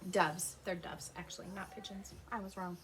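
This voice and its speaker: A woman's voice: lowish voice, steady tone, moderate pace, fairly bright tone, slight background noise. A woman reading a picture book aloud to young children at home, stopping to ask them questions and imitate animal sounds. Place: her home.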